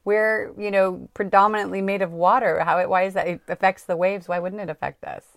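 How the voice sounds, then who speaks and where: A woman co-hosting a podcast in casual chat, talkative and laughing often, speaking in quick bursts. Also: mid-range voice, steady tone, vocal fry, no room sound, clean studio sound. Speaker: podcast co-host.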